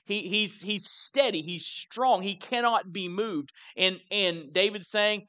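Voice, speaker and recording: A man's voice: sits high, slow pace, hardly any pauses, pushed and bright, dry recording. Conversational preaching man, dry sound. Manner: conversational, repeats words when emphasizing. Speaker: pastor. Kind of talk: sermon.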